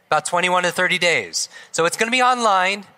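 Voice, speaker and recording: A middle-aged man giving an energetic live talk to an audience, firing questions at them and tagging his points with quick checks. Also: high-pitched, clean tone. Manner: energetic, asks the audience questions, tags lines with "right?". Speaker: motivational speaker. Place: event hall before a live audience.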